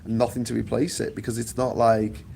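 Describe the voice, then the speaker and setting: Gravelly, blunt British man ranting outdoors. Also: mid-range voice, level tone, a little fast, darkish tone, a little hiss or hum. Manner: blunt and profane, sarcastic asides. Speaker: vlogger. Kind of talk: casual opinion rant. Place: outdoors on a sunny island.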